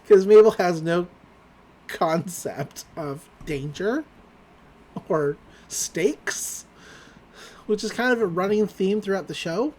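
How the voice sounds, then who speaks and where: This podcast host's cartoon recap moves slowly, with long pauses, in a mid-range voice over a faint hiss or hum. The delivery stays animated, full of laughter, wry plot asides, and acted-out character lines.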